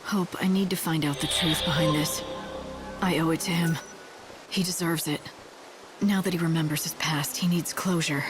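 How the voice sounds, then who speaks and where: Woman voicing a calm game heroine, soft and measured, lowish voice, music behind. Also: lightly acted. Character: steady young heroine, calm and earnest. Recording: game audio over clear music.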